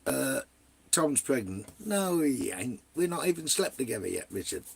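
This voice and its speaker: Husky man chatting live. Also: medium pitch, sing-song, normal speed. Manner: banterous, swears freely, calls viewers mate and son. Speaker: vanlife live streamer. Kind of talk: casual live-stream chat with viewers. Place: inside a camper van.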